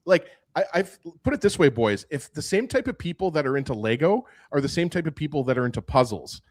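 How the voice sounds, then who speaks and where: A man's voice: a little high, sing-song, fairly quick, dry recording. Playful rambling hockey show man. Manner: rambling, self-deprecating, playful. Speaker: post-game show co-host. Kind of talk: casual hockey post-game chat.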